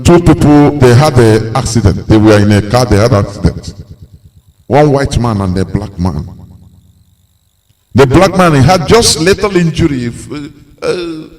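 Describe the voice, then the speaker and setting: A man's voice: medium pitch, expressive, moderate pace, a little mellow, poor audio. A man with a Nigerian English accent giving a live radio talk, lecturing and acting out the voices of the people he quotes. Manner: preachy, acts out quoted voices, laughs often. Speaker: radio presenter.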